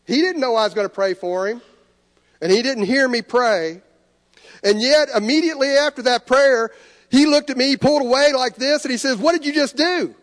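High-voiced man preaching in a reverberant sanctuary. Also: moderate pace. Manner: earnest, shifts between soft pleading and lifted emphasis. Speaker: pastor. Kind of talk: sermon. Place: church sanctuary.

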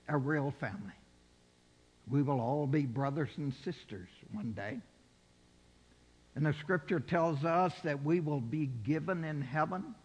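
A man's voice: fairly high pitch, breathy edge, in a large hall, lo-fi sound. An older man preaching a sermon, putting rhetorical questions to his congregation.

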